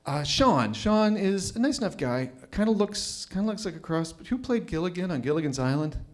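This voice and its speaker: A man's voice: high voice, big pitch swings, a little fast. A man telling a personal story at a live storytelling night, wry and self-mocking.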